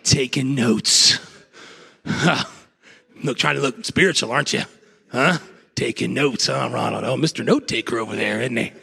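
A man's voice: medium pitch, unhurried, creaky, pauses often, bright, forceful tone, breathy edge, exaggerated voice. A man acting out a sulky, bitter man who mutters and sneers at a fellow churchgoer. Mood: sulky sneering.

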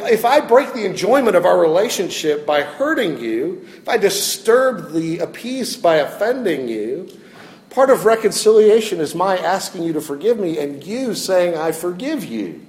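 A man preaching a sermon as a pastor, earnest and expressive, often restarting his phrases. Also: sits high, normal speed.

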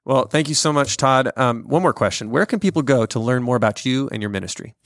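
A man interviewing a guest, asking questions in a calm, measured, affirming way. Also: mid-range voice, creaky, dry recording, studio quality.

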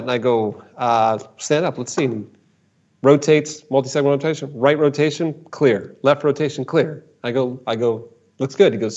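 A man's voice: medium pitch, brisk. A man talks through a story as the guest expert in a casual conversation. He repeats himself as he builds up each point and slips into the voices of people he quotes. The sound is muffled and lo-fi. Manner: animated, repeats words, acts out quotes.

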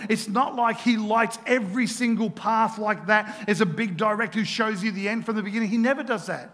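A man with a high, bright voice preaches a sermon to his church. He keeps turning to his listeners with questions and swings from loud, emphatic passages down to hushed ones. His voice carries a long reverb from the large hall. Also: brisk, hardly any pauses. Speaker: pastor.

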